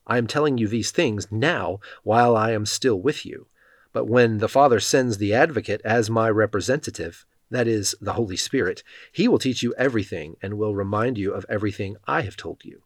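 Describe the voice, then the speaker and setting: A man giving a measured, even reading of Bible passages, speaking the quoted lines in his own voice. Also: fairly low pitch, no room sound. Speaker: scripture reader.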